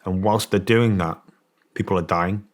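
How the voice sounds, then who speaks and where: Man telling a story, lowish voice. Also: steady tone, moderate pace. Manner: rambling, full of restarts, emphatic. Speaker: guest, former special forces soldier. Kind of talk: casual storytelling in conversation.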